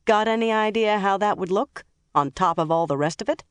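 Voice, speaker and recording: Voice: mid-range voice, fairly quick, clean tone, no echo, voice pushed up, close to an everyday voice. A narrator doing a tough, sarcastic female police chief. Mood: impatient, sarcastic. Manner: sharp, sarcastic and impatient.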